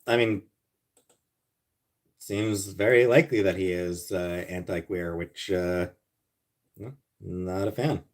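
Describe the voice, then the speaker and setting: A man hosting a casual livestream, reading viewer comments and answering bluntly and profanely, with sarcastic jokes, sometimes muttering low and sometimes ranting loudly. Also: takes it slowly, pauses often. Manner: blunt and profane, swinging between mutters and loud rants. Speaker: livestream host.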